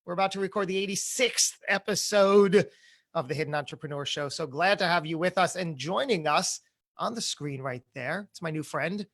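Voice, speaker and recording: A man's voice: sits high, moderate pace, fairly bright tone. A man with a New Jersey accent hosting a live-streamed interview show, chatty and full of fillers and restarts. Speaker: podcast host.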